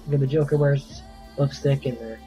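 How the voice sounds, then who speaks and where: A man's voice: mid-range voice, steady tone, moderate pace, mellow, lo-fi sound, soft background music. A man giving a casual, enthusiastic movie review in a rambling, stop-start way.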